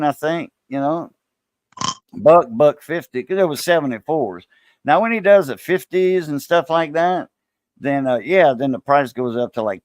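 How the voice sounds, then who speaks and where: On the high side and free of room sound, this voice belongs to a Cajun Louisiana man hosting a laid-back coin-collecting stream. He tells stories with animation, imitating the voices of others.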